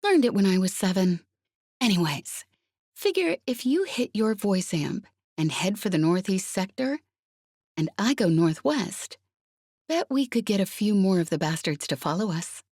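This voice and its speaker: A woman's voice: mid-range voice, big pitch swings, moderate pace, a little mellow, dry recording, clean studio sound, voice pushed up. A woman reading an audiobook, voicing a bold, grinning young woman leading a crew. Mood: cocky.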